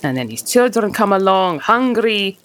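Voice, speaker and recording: A woman playing a character in a tabletop game, telling a rambling campfire story with theatrical, deadpan dark humor. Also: mid-range voice, moderate pace. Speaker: player voicing Harissa.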